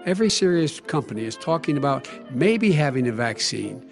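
An older man in a televised debate, talking forcefully, repeating phrases and cutting in. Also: medium pitch, very animated, brisk, vocal fry, soft background music. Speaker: debate candidate. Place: large debate hall.

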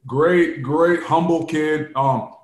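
A man in his forties, a sports show host and former football player, telling candid stories in casual sports talk with animated quotes. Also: on the high side, takes it slowly, roomy sound.

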